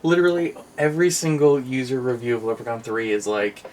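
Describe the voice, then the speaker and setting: A man's voice: medium pitch, brisk, slight background noise. Chatty man acting out bad movie scenes. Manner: animated storyteller, acts out movie scenes in put-on voices. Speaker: co-host of a movie collection channel. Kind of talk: casual chat.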